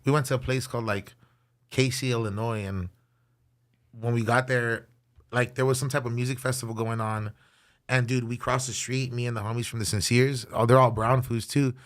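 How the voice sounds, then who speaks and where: A man's voice: mid-range voice, steady tone. A man in his thirties, a guest musician telling road stories in casual, slangy podcast chat. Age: 30s. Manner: slangy, rapid storytelling.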